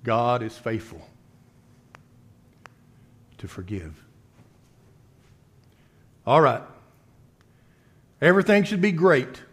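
A man's voice: medium pitch, big pitch swings, very slow, long pauses, a bit bright. A man preaching a sermon in a conversational way, reading scripture and asking the listeners rhetorical questions.

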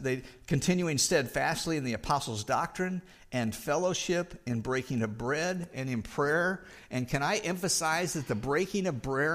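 A man's voice: mid-range voice, a bit bright. A middle-aged man preaching a sermon as pastor, earnest, often repeating a word as he restarts.

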